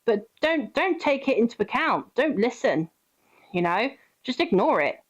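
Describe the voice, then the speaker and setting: A woman's voice: a little high, very animated, a little slow. Chatty woman streamer, lo-fi audio. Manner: chatty, gently reassuring, giving advice to viewers. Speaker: live streamer. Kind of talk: casual live-stream chat.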